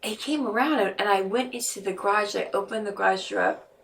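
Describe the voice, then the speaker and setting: A woman guest telling a painful personal story in a podcast interview, halting and earnest, often restarting her sentences. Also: medium pitch, fairly bright tone, distant mic. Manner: earnest and emotional.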